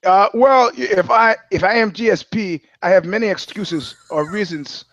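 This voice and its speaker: A man's voice: high voice, a bit bright, no echo, pitched above the performer's own voice. A man putting on a mock French Canadian accent to play a cocky male fighter trading boasts. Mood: boastful. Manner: boastful, halting, comic smack talk.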